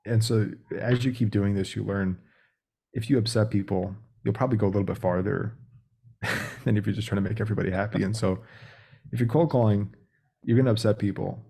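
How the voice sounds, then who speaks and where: A man's voice: lowish voice, steady tone, a little fast, gravelly, dark tone, breathy edge. A man speaking as a guest on a podcast interview, blunt and direct in a casual way. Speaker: sales coach guest.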